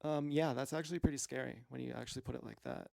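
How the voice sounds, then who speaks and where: A man's voice: medium pitch, fairly even intonation, fast talker, vocal fry, a little mellow, no room sound, clean studio sound. A man rambling through a meandering, profane, self-questioning monologue as a streamer.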